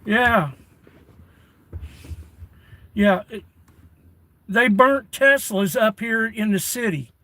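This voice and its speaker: A man's voice: high voice, drawn-out words, long pauses, bright, forceful tone, no echo, rough recording. An older man chatting casually on a livestream, folksy and given to rants, reading his chat off a tablet. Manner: folksy, ranting. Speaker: live streamer.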